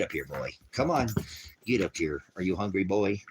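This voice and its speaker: A man's voice: low voice, very animated, moderate pace, husky. A man hosting a rambling casual livestream, joking crudely and talking baby talk to his dogs at home. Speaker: livestream host.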